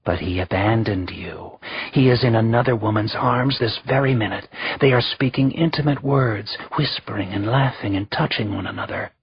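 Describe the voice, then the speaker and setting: A man's voice: on the low side, normal speed, breathy edge, highs cut off. A man voicing a scheming, smirking older royal vizier who speaks in a sly, coaxing way.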